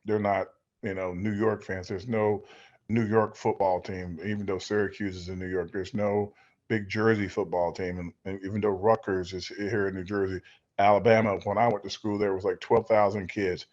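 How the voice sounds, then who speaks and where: A middle-aged man and former football player, telling stories as a guest in a relaxed interview, rambling and acting out the voices of people he quotes. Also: on the low side, moderate pace, dull audio. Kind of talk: storytelling in a casual interview. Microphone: video call.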